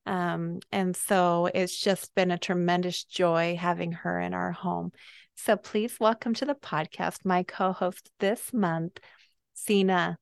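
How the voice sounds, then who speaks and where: A woman's voice: fairly low pitch, fairly even intonation, slow, creaky, clear, resonant tone, no room sound, clean studio sound. A middle-aged woman hosting a casual podcast chat, effusive and chatty with frequent ums. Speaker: podcast host.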